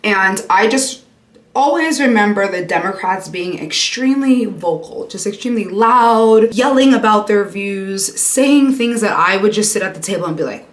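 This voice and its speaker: A woman's voice: medium pitch, lively intonation, normal speed. Chatty young woman, echoey room. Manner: chatty, swears freely, frequent "like". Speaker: vlogger. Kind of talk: casual storytelling while getting ready.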